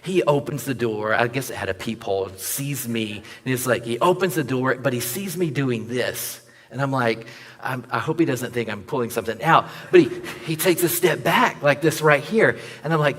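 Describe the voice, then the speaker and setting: A young man preaching a sermon as the pastor, telling a personal story in a lively way, acting out both sides of a conversation and joking with the congregation. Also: mid-range voice, moderate pace, big-room sound. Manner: animated storyteller acting out dialogue, jokes with the audience. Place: church sanctuary.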